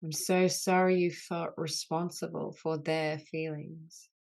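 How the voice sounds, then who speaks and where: A woman leading a guided healing session on an online group call, speaking in slow, soothing, repeated phrases. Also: low-pitched, level tone, vocal fry, a little mellow.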